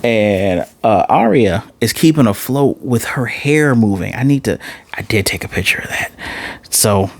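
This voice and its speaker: A man casually recapping and reviewing an anime episode, excitable and animated, often jumping into high-pitched voices to retell scenes. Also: unhurried, dry recording. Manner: excitable, laughing reactions, restarts.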